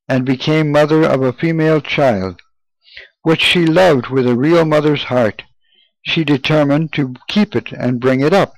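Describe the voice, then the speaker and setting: A man reading an old first-person memoir aloud in a measured, solemn way. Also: medium pitch, dry recording, low-quality recording. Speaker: reader. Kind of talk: audiobook narration.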